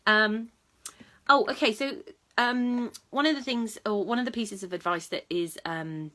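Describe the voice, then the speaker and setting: A woman with a rather high, sharp-toned voice speaks a little slowly. She's a dog trainer and vlog host giving casual advice to camera, chatty and matter-of-fact, with plenty of ums and restarts.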